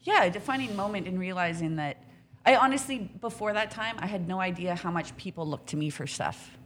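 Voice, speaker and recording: A woman in a casual podcast chat, a restaurant business co-owner telling an animated, candid story and swearing now and then. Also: fairly low pitch, brisk, a little hiss or hum.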